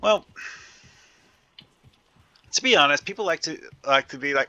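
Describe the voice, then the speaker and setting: A man's voice: a little high, measured pace, long pauses, pushed and bright, slight background noise. A man giving casual commentary while playing a video game, rambling and thinking aloud with many fillers and restarts. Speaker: gaming video creator.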